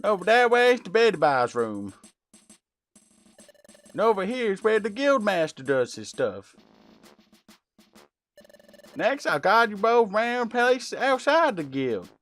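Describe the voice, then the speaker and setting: A man puts on a gushing little beaver rookie from a video game, high-pitched and loud, with a thick put-on Southern US drawl. He sounds overjoyed to have juniors and nearly blubbers, all hammy folksy charm. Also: big pitch swings, slow pace, long pauses, faint music behind, full character voice. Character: eager rookie beaver creature, male, sentimental.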